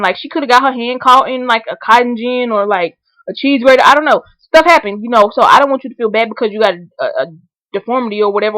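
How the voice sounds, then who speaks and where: A woman vlogging a comedic rant, animated and indignant. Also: on the high side, no echo, poor audio. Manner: animated, indignant, acts out scenarios in voices.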